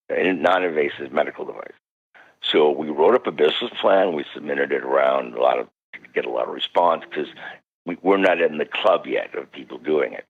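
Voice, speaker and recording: A man being interviewed as a guest parapsychologist, telling stories animatedly with sudden jumps in pitch. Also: husky. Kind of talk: recounting stories in a radio interview. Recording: dull lo-fi radio call.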